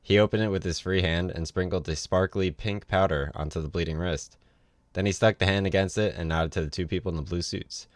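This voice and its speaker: A man's voice: low voice, fairly even intonation, a little fast, no room sound. A man reading a novel aloud on a livestream, in a casual way with offhand asides. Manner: casual read with ad-libbed asides. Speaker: reader.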